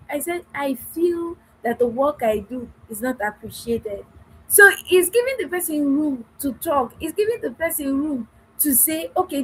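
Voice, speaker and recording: A marriage coach with a high, fairly bright voice gives wives an earnest talk about communication in marriage, acting out little dialogues and repeating phrases. The recording is low quality, with slight background noise.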